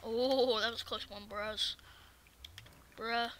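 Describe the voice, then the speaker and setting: A woman giving casual let's-play commentary, excitable and talking back to the game's enemies. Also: a little high, slow, a little hiss or hum. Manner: excitable, swears and talks to the game enemies. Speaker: gaming video creator.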